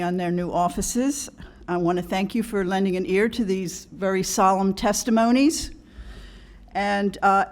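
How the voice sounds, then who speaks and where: A woman reading a prepared public comment at a county meeting in an earnest way. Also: medium pitch.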